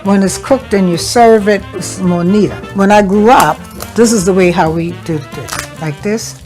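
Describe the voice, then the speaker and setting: A woman talks in an easy, homely way at a middle pitch while she shows how she cooks. Faint music plays under her voice at an outdoor family barbecue. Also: moderate pace, a little mellow. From South Carolina, USA. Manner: homely, explaining as she demonstrates. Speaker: caterer and cookbook author. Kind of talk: casual talk while cooking.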